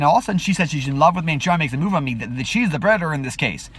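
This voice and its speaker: A man's voice: animated, racing, hardly any pauses, breathy edge. A man hosting a video, talking in a casual rambling monologue full of restarts and fillers. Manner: acts out quotes with sudden high-pitched outbursts. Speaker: video host.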